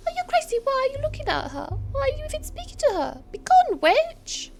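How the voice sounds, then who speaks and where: Shrill scandalized villager: shrieking and very high. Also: female voice, wildly swooping pitch, a little fast, creaky, a little hiss or hum, exaggerated voice. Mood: outraged. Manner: shrieking, outraged. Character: shrill, scandalized townsperson scolding a witch.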